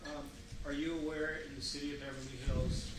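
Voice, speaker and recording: A man cross-examines a witness with measured, pointed yes-or-no questions, his voice a bit raised in pitch. He is picked up from far off in a strongly echoing courtroom. Clear background noise sits under him. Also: level tone. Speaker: attorney. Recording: distant mic, very echoey and noisy room.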